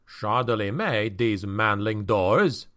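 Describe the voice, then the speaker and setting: A man voicing a surly, gruff male dwarf warrior who talks bluntly and scornfully. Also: on the low side, animated, slow pace, fairly bright tone.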